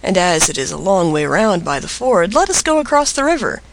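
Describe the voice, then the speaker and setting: A man voicing a small, cunning female partridge in a storybook, lively and chirpy. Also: high voice, a little fast, a little hiss or hum, heavily acted, poor audio. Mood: mournful.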